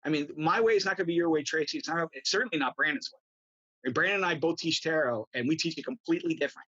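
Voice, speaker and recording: A man, a guest tarot reader, telling stories in a casual chat, animated and often adding "right?". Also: a little high, very fast, slightly rough, dry recording, highs cut off. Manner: animated, acts out quotes, says "right?" often.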